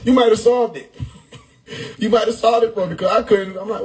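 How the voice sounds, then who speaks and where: A man hosting a live stream, riffing loudly on chat comments with frequent laughter and profanity. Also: high voice, a little fast, rough recording. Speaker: livestream host reading chat. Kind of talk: casual livestream chat. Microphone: phone or desktop mic on a live stream.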